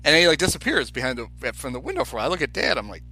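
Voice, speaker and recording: A man's voice: a little high, very fast, creaky, breathy edge. A man co-hosting a podcast, telling a story in casual chat and acting out the people in it. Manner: animated anecdote teller, acts out quoted voices. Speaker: podcast co-host.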